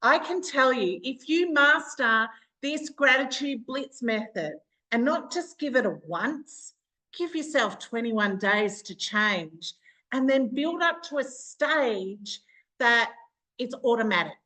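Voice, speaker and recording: A woman's voice: a little high, lively intonation, slow, bright, forceful tone, poor audio. Bubbly Australian woman coaching online. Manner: bubbly and chatty, laughs often. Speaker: business coach. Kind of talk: live online training session.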